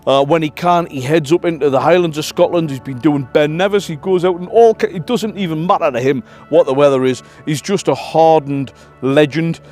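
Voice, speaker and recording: A man's voice: a little high, a little fast, a little mellow, soft background music. A middle-aged man, chatting casually to camera by a campfire at night, upbeat and full of slang. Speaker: camping vlogger.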